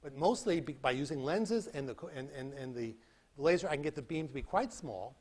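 A man giving a university physics lecture in a hall, animated and demonstrating with sound effects. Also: a little high, a little fast, slightly rough. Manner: animated, acts out beeping sounds and demonstrates with props. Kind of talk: classroom lecture.

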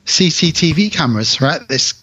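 Lively, bright-voiced man with a husky edge. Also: on the high side, a little fast, muffled recording. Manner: animated, acts out lines from the movie. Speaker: podcast guest. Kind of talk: casual movie podcast chat.

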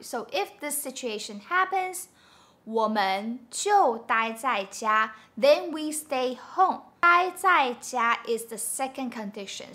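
Woman, language teacher, upbeat, patient explanations, high pitch. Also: bright, forceful tone. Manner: upbeat, explains slowly with examples. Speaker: Mandarin teacher. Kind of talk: online language lesson.

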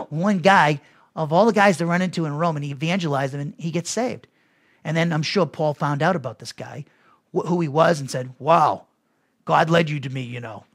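Guy pastor teaching bible lesson, kinda high voice, casual, lots of restarts. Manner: conversational, with restarts and asides to the congregation.

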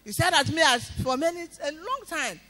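A woman giving an emphatic spoken testimony in church, breaking into loud praise. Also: sits high, lively intonation, normal speed.

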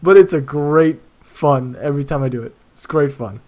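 A high-voiced man hosts a casual gaming podcast. He talks in a relaxed way, chuckling often and repeating his words. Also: normal speed. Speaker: podcast host.

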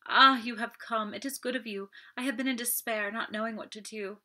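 A woman's voice: fairly high pitch, steady tone, brisk, sharp tone, voice pushed up. A woman voicing a distraught young Frenchwoman who pleads with emotion in an audiobook reading. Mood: despairing.

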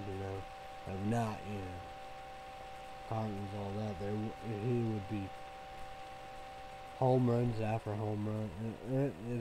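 A man's voice: lowish voice, noisy background. A man ranting casually as a vlogger, rambling and profane, leaning on "you know" as filler.

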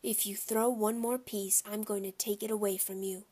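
A woman reading as a calm, firm dad. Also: medium pitch, moderate pace, lightly acted. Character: calm, firm father of two boys.

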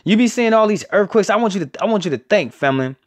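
High-voiced man preaching, calling everyone family. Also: animated. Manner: repeats "family" after nearly every phrase, rambling and emphatic; drags out key words slowly for emphasis. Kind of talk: casual preaching to an online audience.

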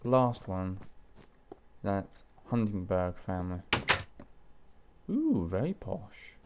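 Muttering and casually swearing, a young Welshman who hosts a gaming channel talks himself through a video game in let's play commentary. His low voice is sing-song and slow, set against a noisy background.

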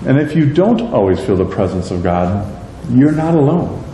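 A man's voice: medium pitch, big pitch swings, moderate pace, warm tone. A male pastor preaching a sermon in a church, acting out prayers and quotes in a raised voice. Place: church sanctuary. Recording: echoey church hall, faint noise.

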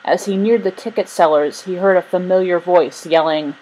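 A woman narrating a children's storybook in a gentle, steady reading voice. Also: fairly low pitch, moderate pace, slight background noise, rough recording. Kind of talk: storybook read-aloud.

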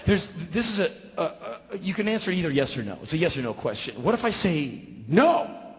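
A man in his forties telling a comic story live on stage, emphatic and repeating lines in rising shouted bursts. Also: a little high, very animated, a little fast, a little hiss or hum. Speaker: spoken word performer. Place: stage in a large hall. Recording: live hall reverb, faint ambience.

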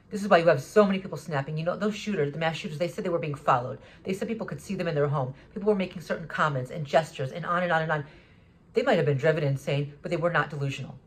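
A vlogger talking in an agitated, rambling monologue, often restarting sentences and swearing. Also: mid-range voice. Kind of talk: monologue recounting an encounter.

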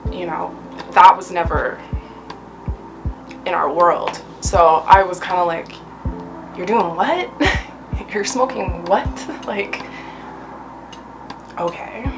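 A young woman telling a casual story-time vlog, chatty and full of fillers and swearing, a little high. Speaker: vlogger.

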